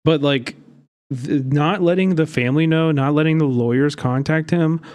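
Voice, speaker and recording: A man's voice: fairly high pitch, moderate pace, darkish tone. A young man streaming live, giving heated, rambling commentary and swearing often.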